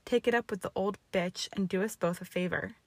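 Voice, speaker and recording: A woman voicing a cold, arrogant young wizard who taunts in a slow, drawling way. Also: mid-range voice, no echo, lightly acted. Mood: taunting.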